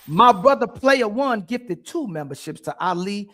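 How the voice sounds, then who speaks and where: A man's voice: sits high, expressive, a little slow, hardly any pauses, fairly bright tone. A man hosting a podcast panel, pressing a guest with repeated questions. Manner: insistent, repeats questions over and over. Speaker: podcast host. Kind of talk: heated panel talk.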